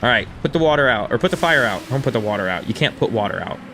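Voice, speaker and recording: A man in his thirties streaming a game and chatting with his viewers in a casual, self-deprecating way, with quiet music underneath. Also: mid-range voice, animated, quick pace, a little hiss or hum. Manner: chatty and self-deprecating, reading chat aloud. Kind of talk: casual live-stream chat over gameplay.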